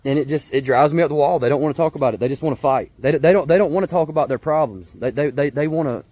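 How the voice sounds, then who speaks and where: A man in his late twenties with a drawl vents straight to camera, his voice sitting a little high. He talks in heated bursts, repeating and restarting phrases as he builds steam. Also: fast, a little mellow, dry recording. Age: 20s. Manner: heated, repetitive, stammering restarts, mocking put-on voices. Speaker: vlogger, Georgia football fan. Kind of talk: casual rant to camera.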